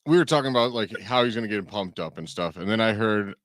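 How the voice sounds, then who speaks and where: A man's voice: on the low side, quick pace, fairly bright tone, no room sound, studio quality. A man hosting a sports talk show, easygoing and joking as he talks with his co-host.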